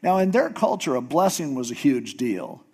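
A man preaching a sermon, retelling a story in a casual, animated way. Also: fairly high pitch, normal speed, breathy edge. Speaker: pastor.

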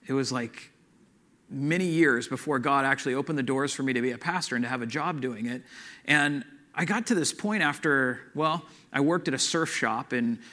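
A man who is a pastor, telling a personal testimony in a sermon, in an earnest, conversational storytelling manner with animated swings in emphasis. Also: a little high.

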